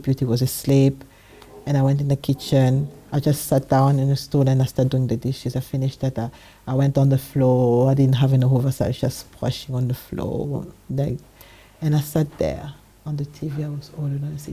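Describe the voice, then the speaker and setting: Low-voiced woman telling a personal story. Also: slightly rough. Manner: animated retelling, acting out past dialogue. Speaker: guest sharing her testimony.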